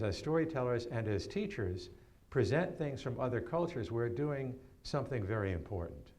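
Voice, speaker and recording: A man in his seventies from New York, giving a keynote talk as a storyteller and telling stories with animated swings and laughter. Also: on the low side. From New York, USA. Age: 70s.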